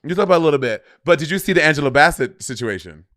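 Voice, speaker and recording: A man in his thirties co-hosting a casual chat, expressive and quick to laugh. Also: on the high side. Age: 30s. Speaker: podcast co-host.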